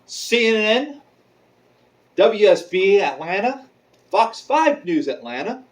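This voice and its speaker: An online commentator delivering an angry, profane rant with drawn-out, stressed words. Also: medium pitch, big pitch swings. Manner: furious, profane, emphatic.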